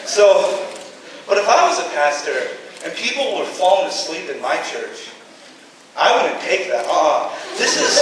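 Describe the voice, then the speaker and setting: A teenage boy performing stand-up comedy on a school stage, casual and deadpan with sudden shouted bits, recorded from far off in an echoey hall. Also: high-pitched, moderate pace, noisy background. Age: teens. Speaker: student comedian.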